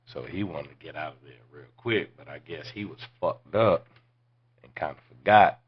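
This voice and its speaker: Podcast host, man in his 40s, extremely low voice, laid-back and foul-mouthed storyteller, muffled lo-fi sound. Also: moderate pace, husky. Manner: profane, laid-back, drops to near-whispers. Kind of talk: casual storytelling.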